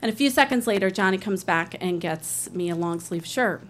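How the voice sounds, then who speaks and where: A woman telling a true personal story to an audience. She is earnest and conversational, with a mid-range voice and a natural, unhurried delivery. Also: medium pitch, lively intonation, slight background noise. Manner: earnest, conversational, acts out other people's voices.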